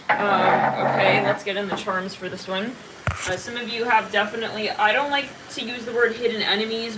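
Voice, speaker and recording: A woman's voice: mid-range voice, far from the mic, noisy background. A woman giving a casual psychic tarot reading to her viewers, rambling and cutting herself off, blunt and now and then swearing. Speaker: tarot reader.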